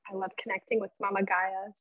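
A woman's voice: mid-range voice, level tone, fast. A woman speaking as a podcast guest in casual interview chat, emotional, effusive and earnest. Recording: dull, slightly lo-fi sound.

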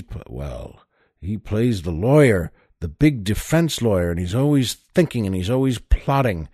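Lively, chatty older man hosting a show. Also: mid-range voice, dry recording, studio quality. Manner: chatty, enthusiastic, rambling asides. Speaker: show host. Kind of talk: casual monologue to listeners.

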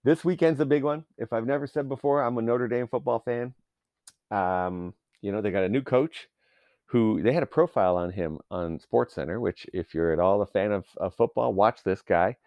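A man's voice: fairly low pitch, normal speed, no echo, dull audio. A man talking in a casual solo rant, profane, sarcastic and rambling as he goes.

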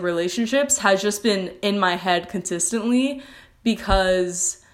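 A young woman with a slight lisp hosting a casual solo podcast, rambling and correcting herself with sarcastic asides. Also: medium pitch. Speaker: podcast host.

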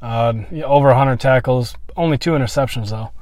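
A man telling a personal story in a candid, reflective monologue, swearing freely and pausing to restart his thoughts. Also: medium pitch, darkish tone, dry recording.

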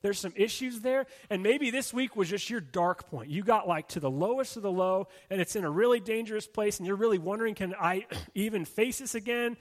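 A man with a high voice preaches a sermon to his congregation. He talks in a loose, conversational way with casual fillers, then slows and softens to stress his main points. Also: expressive. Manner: conversational preaching with casual fillers, drops soft and slow for emphasis. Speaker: pastor.

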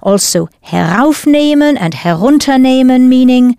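A woman narrating a scripted audio lesson, patient and explanatory, slowly modelling pronunciation. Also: high voice, animated, warm tone, smooth, dry recording, clean studio sound. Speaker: language course narrator.

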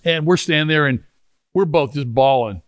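A middle-aged man preaching a storytelling sermon, animated and rambling with frequent restarts, moving into prayer. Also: fairly high pitch, normal speed, no room sound, clean studio sound. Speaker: pastor.

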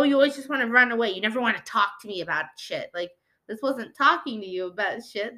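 A woman hosting her own podcast, talking candidly and rambling, swearing freely and restarting her sentences, a little high while recording. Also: sharp tone. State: slightly high. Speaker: podcast host. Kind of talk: casual personal podcast monologue.

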